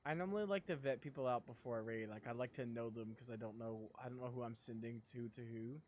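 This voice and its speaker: A young man chatting casually on a live stream, rambling and excitable, laughing often and sounding sleepy. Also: medium pitch, fast talker, a little hiss or hum.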